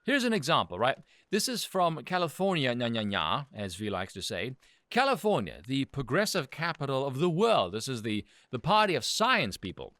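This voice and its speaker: A man's voice: medium pitch, wildly swooping pitch, normal speed, fairly bright tone, dry recording. Sarcastic, profane male ranting commentator. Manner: angry, sarcastic, profane, mocking. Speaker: political commentary channel host.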